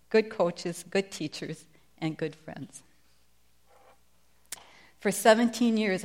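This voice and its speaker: A middle-aged woman sharing a Christian testimony in a sermon, speaking with earnest, emphatic conviction. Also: on the low side. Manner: earnest, emphatic preaching delivery.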